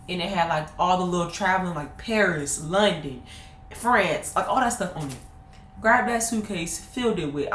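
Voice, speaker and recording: A woman in her twenties telling a personal story to her viewers in a casual, animated way, laughing often. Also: lowish voice, slight background noise. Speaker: vlogger. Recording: roomy echo.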